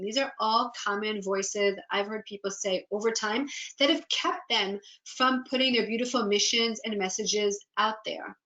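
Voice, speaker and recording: A woman's voice: mid-range voice, a little slow, hardly any pauses, bright, forceful tone, lo-fi sound. A woman business and life coach giving an earnest, encouraging webinar presentation, often voicing people's inner doubts aloud.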